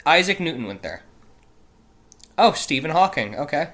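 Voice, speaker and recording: A slightly high, very animated male voice with a fairly bright tone goes at normal speed as this non-British host reads news quiz questions on his casual solo show. Exasperated and profane, he keeps interrupting himself and stumbles over place names.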